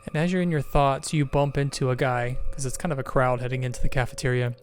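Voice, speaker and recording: A man's voice: medium pitch, fairly even intonation, fast, faint music behind. A man describing scenes as the game master of a tabletop role-playing game.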